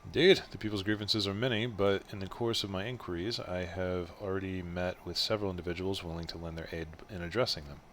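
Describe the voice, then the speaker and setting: A man voicing an earnest middle-aged male game character, a would-be mayor, speaking in a measured, formal, modest way with a faint put-on Scottish lilt. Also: sits low, fairly even intonation, fairly bright tone, a little hiss or hum.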